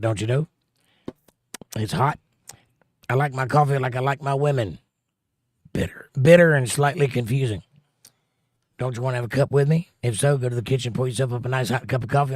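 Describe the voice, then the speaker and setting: A livestream host reads his viewers' comments aloud, chatty and jokey and never slow to pun. His medium-pitched voice is steady and darkish, in a dry, clean studio recording.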